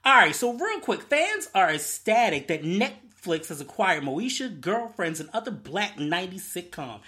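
A young adult hosting a solo podcast in an excitable, rambling way, full of slang and swearing. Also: medium pitch, moderate pace. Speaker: podcast host. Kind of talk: casual solo podcast chat.

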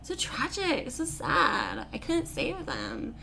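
A woman's voice: high-pitched, huge pitch swings, takes it slowly, vocal fry, pushed and bright, a little hiss or hum, voice pushed up, exaggerated voice. A woman voicing a vicious old queen mother who is an ogre, crude and vengeful, who puts on fake sorrow when it suits her. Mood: fake mourning.

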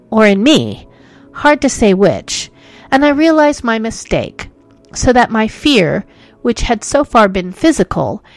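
A woman's voice: fairly high pitch, dry recording. A woman reading a ghost story aloud as narrator, with dramatic, suspenseful delivery.

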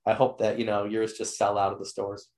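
Male podcast host, hoarse, fry-heavy low voice, rambling and enthusiastic. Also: monotone, brisk, darkish tone. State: losing his voice. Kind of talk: casual interview wrap-up.

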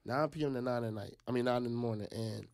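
A man's voice: mid-range voice, quick pace, vocal fry, darkish tone. A man telling a personal story in a casual chat, animatedly acting out what other people said.

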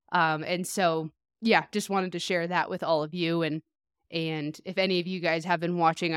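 A woman hosts her own podcast as a coach, chatting in an upbeat, appreciative way. Her voice is smooth and clear, with a slight nasal tinge from allergies. It is recorded close and dry, with no room sound. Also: lowish voice, no room sound. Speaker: podcast host and life coach. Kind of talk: casual podcast monologue.

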